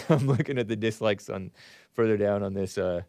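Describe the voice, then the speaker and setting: A man's voice: on the low side, normal speed, creaky, darkish tone, no room sound, studio quality. A male show host giving rambling, sarcastic commentary, chuckling between remarks as he reads from a chat.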